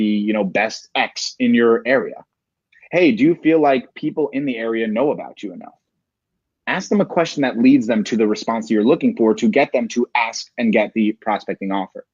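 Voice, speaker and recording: A man talks through sales advice with emphatic, motivational energy. His voice is husky at mid pitch. The recording is dry and a bit dull. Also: a little mellow, dry recording. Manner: emphatic, rhetorical "right?" tags. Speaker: sales coach, interview guest. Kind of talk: motivational interview talk. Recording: dry, muffled lo-fi sound.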